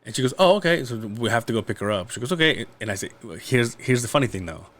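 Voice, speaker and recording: A man's voice: fairly low pitch, fast talker. A man from Mexico telling a rowdy story in casual chat, swearing freely and acting out other people's lines. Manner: profane, animated, acts out quoted lines.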